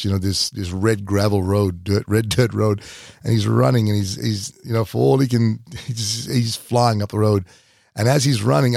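A middle-aged Australian man hosting a podcast and telling a personal story, pausing and repeating words as he recalls. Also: on the low side, vocal fry, dry recording, studio quality. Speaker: podcast host.

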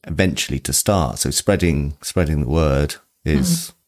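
A woman co-hosting a podcast in casual chat, easygoing and supportive, often pausing with "um". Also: a bass voice, darkish tone. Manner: easygoing, supportive, fills gaps with um. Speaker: podcast co-host.

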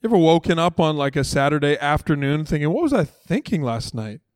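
A man's voice: a little high, animated, brisk, a little mellow, no room sound. Casual, story-telling male preacher. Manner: conversational, acts out dialogue in casual voices. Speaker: pastor. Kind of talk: sermon.

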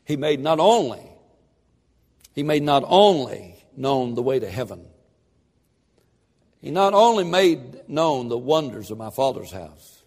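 Man, preacher, sermon, lively swooping pitch, long echo. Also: measured pace, pauses often. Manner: fervent, building to shouted emphasis.

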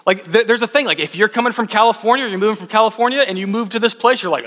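A young man from Texas preaches with a high, bright, forceful voice. He keeps it conversational and animated, throwing asides to the congregation. His voice rings with a long reverb in a big church hall. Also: quick pace, few pauses. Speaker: pastor. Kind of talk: sermon. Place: church sanctuary.

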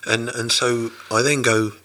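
A man's voice: medium pitch, flat delivery, unhurried, sharp tone. An older man from Britain, a former navy rescue diver, telling his story in a casual interview, rambling with many restarts and fillers. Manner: rambling, full of restarts and "you know".

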